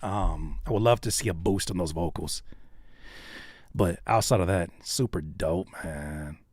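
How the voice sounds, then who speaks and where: A man reviews viewers' beats live, joking and animated as he swings from quiet asides to loud bursts. His voice sits fairly low. The sound is close and dry, with no room echo. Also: a little slow. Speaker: host reacting to viewer music. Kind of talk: live-stream casual commentary.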